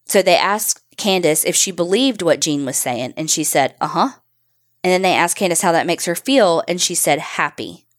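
A woman's voice: fairly low pitch, a little fast, hardly any pauses. Blunt, swearing woman telling a true story. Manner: blunt, swearing, reads quotes aloud. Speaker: podcast co-host telling a true crime story. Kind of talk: casual storytelling from a transcript.

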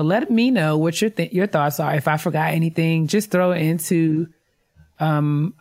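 A woman co-hosting a podcast in casual chat, chatty and quick to laugh as she gives shout-outs to listeners. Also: low voice. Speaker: podcast co-host.

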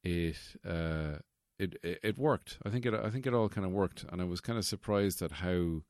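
A man's voice: low voice, normal speed, a little mellow, no room sound, studio quality. A man co-hosting a podcast, talking casually about films, often hesitant and repeating words. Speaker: podcast co-host. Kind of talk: casual film chat.

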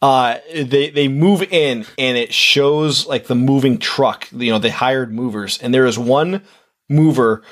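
A man's voice: medium pitch, a little slow, a bit bright. A man co-hosting a podcast, chatting casually and chiming in with short quips and agreement. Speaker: podcast co-host. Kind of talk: casual chat.

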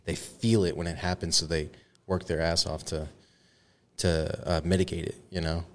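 A man's voice: low-pitched, level tone, moderate pace. A man hosting a podcast, chatty and jokey, interviewing a guest in casual conversation. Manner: jokey and chatty, laughs easily. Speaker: podcast host.

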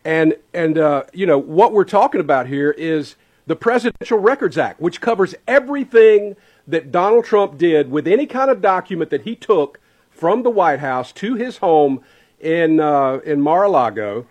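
A man's voice: a little high, expressive, moderate pace, a little mellow, dull audio. A man co-hosting a morning radio talk show, chatty and joking, laughing easily. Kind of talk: casual morning radio chat.

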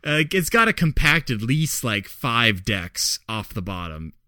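A man's voice: medium pitch, very animated, a little slow, bright, forceful tone, dry recording, studio quality. A man co-hosting a podcast in casual chat. He laughs often and fills his talk with "uh" and "like". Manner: chatty, laughs often, many fillers. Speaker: podcast co-host.

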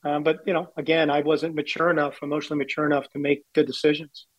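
Guy in his 60s telling frank stories on himself, kinda high voice, dry mic. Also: little pitch movement, fast talker, no echo, low-quality recording. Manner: candid, self-deprecating anecdotes. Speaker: baseball executive guest. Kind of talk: storytelling interview.

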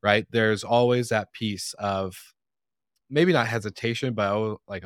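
A man's voice: lowish voice, steady tone, measured pace, no room sound, clean studio sound. A young man hosting a podcast, asking long, loose, friendly questions. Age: young adult. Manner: friendly, rambling questions with fillers. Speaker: podcast host. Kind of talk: casual podcast interview.

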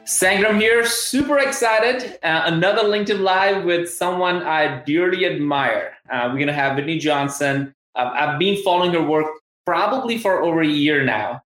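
A man's voice: on the high side, normal speed, hardly any pauses, fairly bright tone, soft background music. Male livestream host, Southern US accent, upbeat and rambling, webcam audio in a roomy space. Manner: enthusiastic, rambling, many restarts. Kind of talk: live-streamed interview.

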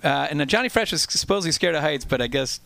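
A middle-aged man telling an animated, self-mocking story in casual conversation, often restarting his sentences. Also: on the high side, fast talker, creaky, dry recording. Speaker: former ballpark entertainer.

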